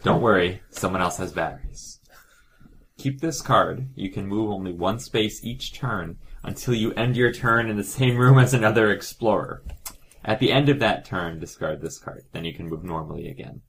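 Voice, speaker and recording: A man's voice: lowish voice, moderate pace, slight background noise. A man playing a board game with friends, making playfully grand remarks and reading out cards. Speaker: player. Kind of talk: casual tabletop game play.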